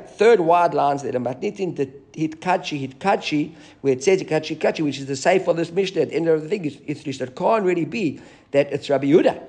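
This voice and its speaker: A man teaching a live Talmud class, reading Aramaic passages and explaining them in English with animated asides. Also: fairly high pitch, gravelly.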